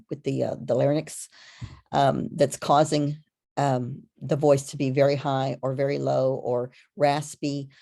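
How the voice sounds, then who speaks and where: A woman gives a live online lecture as a webinar presenter. She talks haltingly, with many ums and restarts, over a video call. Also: low voice, creaky, warm tone.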